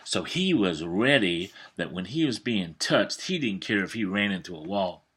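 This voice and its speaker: A man in his fifties telling a family story in a folksy, animated way, with some hesitations. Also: low voice, moderate pace, slightly rough. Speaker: vlogger. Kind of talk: storytelling monologue.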